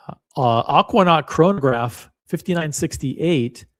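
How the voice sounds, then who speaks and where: A man's voice: mid-range voice, lively intonation, measured pace, vocal fry. A man hosting his channel, reading out listings in a wry, musing way while browsing on screen. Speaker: watch channel host. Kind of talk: casual screen-share commentary.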